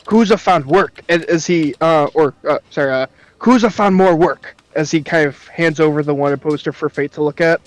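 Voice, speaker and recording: A man playing a tabletop game, describing his character's moves in a hesitant, halting way with many fillers. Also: on the high side, dry recording. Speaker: player.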